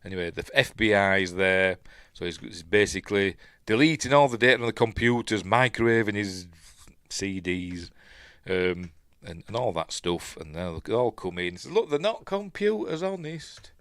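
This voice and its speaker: A man's voice: low voice, normal speed, a bit bright, clear, resonant tone, no room sound, studio quality. A man with a Yorkshire accent hosts a podcast and recaps a film in casual chat, rambling and self-deprecating, with lots of fillers and asides. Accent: Yorkshire English. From Yorkshire, England. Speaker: podcast host reviewing films. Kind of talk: casual movie recap and commentary.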